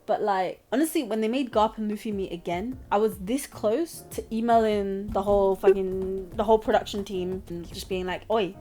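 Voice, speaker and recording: A woman's voice: medium pitch, moderate pace, hardly any pauses, dark tone, faint music behind. A young woman talking casually and rambling, giggling between her points as she reviews a show. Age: young adult. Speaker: anime reviewer, channel host. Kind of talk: casual commentary vlog.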